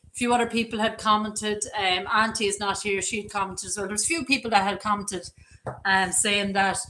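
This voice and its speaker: A woman's voice: medium pitch, steady tone, brisk, sharp tone, a little hiss or hum, rough recording. An Irish woman hosting a casual live stream, chatting in a rambling way and greeting viewers by name. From Ireland. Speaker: livestream host.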